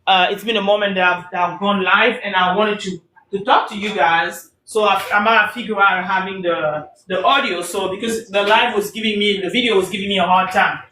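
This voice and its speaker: Over a phone in an audio-only live stream, a woman who coaches mothers delivers an earnest, preachy motivational talk, repeating herself and welcoming viewers by name. Her voice is medium-pitched, bright and steady, fairly quick, with a forceful edge. There's a little hiss or hum.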